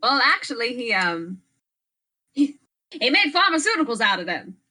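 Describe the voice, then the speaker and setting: A woman role-playing her character at a tabletop game, her voice bright and a touch high. She plays it theatrical and teasing, with a few stumbles along the way. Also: very animated, normal speed, poor audio. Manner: playful, theatrical. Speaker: guest player.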